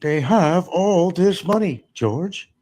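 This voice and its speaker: A man doing a slow, dry sitcom guy. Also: sits high, lively intonation, warm tone, voice pushed up, heavily acted. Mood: mocking. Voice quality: slow, drawn-out mock delivery.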